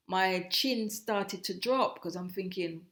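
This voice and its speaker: A woman's voice: mid-range voice, a bit bright. Middle-aged woman recounting her past. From Jamaica. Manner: reflective, halting, breaks off and restarts mid-phrase. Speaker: guest, host's mother. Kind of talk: personal storytelling.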